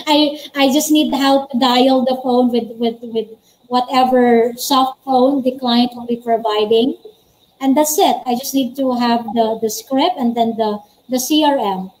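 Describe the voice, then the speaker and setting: Higher-pitched woman explaining. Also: fairly even intonation, measured pace, darkish tone, poor audio. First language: Filipino. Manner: practical, explaining step by step. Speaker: guest, former call center agent. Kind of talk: interview answers on a live stream.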